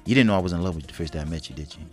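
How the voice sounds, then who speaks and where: Over soft background music, a very deep-voiced man shoots the breeze with his co-host partner about racing. He speaks in relaxed street slang and laughs often.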